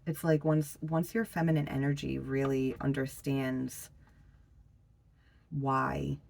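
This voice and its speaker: A tarot reader giving a casual reading, unhurried and full of pauses and fillers, blunt and swearing now and then. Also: medium pitch, little pitch movement, gravelly, a little mellow. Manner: loose and unhurried, frequent fillers and trailing pauses; blunt, with the odd swear word.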